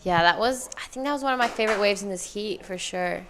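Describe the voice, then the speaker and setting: A woman's voice: medium pitch, fast talker, noisy background. A woman co-commentating a surf contest live, describing each wave fluently and in detail.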